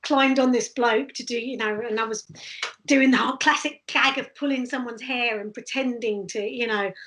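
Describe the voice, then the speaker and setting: A woman, a street performer, telling lively stories with frequent laughter in a casual interview. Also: on the high side, moderate pace, poor audio. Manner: animated, laughing storyteller.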